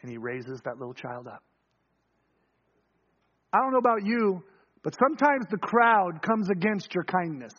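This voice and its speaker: A man preaching a sermon, telling the story and acting out quoted voices, swinging from quick, loud runs to low, hushed lines. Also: big pitch swings, highs cut off.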